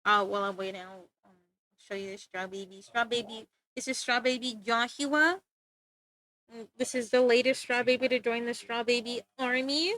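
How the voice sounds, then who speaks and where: Giggly high-voiced young woman streamer. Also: fairly even intonation, normal speed, fairly bright tone. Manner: giggly, playful, rambling, talks to chat. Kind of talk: casual live-stream chat while drawing.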